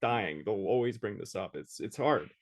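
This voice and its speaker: A man in a casual roundtable podcast discussion, talking emphatically and chiming in with quick remarks. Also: lowish voice, expressive.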